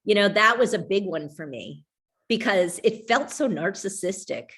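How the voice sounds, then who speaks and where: Speaking at a normal speed, this middle-aged author has a medium-pitched, fairly bright voice with lively intonation. Over a video call she rambles reflectively as a guest, often restarting and leaving thoughts unfinished.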